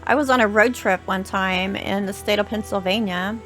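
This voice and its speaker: A woman's voice: mid-range voice, moderate pace, a bit bright, faint music behind. A woman from Texas hosting a casual gaming session, introducing guests and keeping the chat moving. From Texas, USA. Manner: friendly, leads the talk, uses fillers like "like". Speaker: host.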